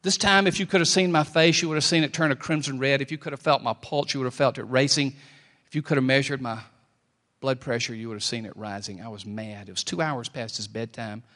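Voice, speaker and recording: A man's voice: mid-range voice, steady tone, brisk. Man preaching a storytelling sermon. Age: middle-aged. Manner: storytelling, swings from quiet to loud. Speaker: pastor.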